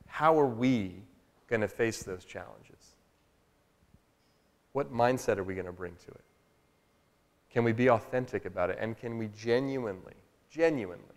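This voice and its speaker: Storytelling man speaking in a hall. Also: on the low side. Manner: storytelling, animated re-enactments. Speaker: motivational speaker. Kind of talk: public talk. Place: public hall. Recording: long reverb of a hall.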